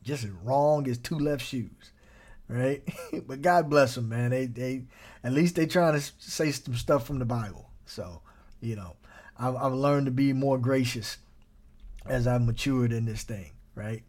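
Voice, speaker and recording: A man pastor preaching a sermon in a lively, playful way, breaking into chuckles and quick asides. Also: mid-range voice.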